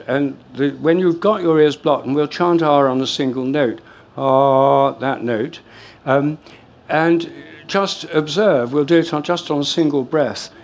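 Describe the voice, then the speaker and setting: An older man giving a talk to a live audience in a lecture room, explaining in a measured way with frequent fillers and restarts. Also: on the high side.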